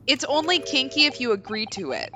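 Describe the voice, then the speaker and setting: Bright, animated woman streamer. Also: high voice, a little fast. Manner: animated, laughs often. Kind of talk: casual game-stream chat.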